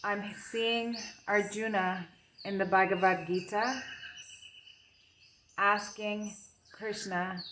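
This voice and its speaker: A woman's voice: mid-range voice, steady tone, slow pace, pauses often, a bit bright, a little hiss or hum. A woman giving an intuitive tarot reading, dreamy and gushing with wonder at the cards. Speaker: tarot reader.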